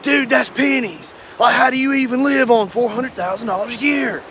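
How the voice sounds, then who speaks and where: A man's voice: very high-pitched, moderate pace, sharp tone, a little hiss or hum, voice pushed up. A man doing an impression of a brash male motivational money guru, scoffing at a modest salary. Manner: scoffing, boastful.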